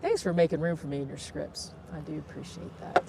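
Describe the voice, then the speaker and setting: A woman's voice: low voice, lively intonation, a little fast, creaky, very noisy. A woman, a comedy performer, talking self-deprecatingly in casual chat.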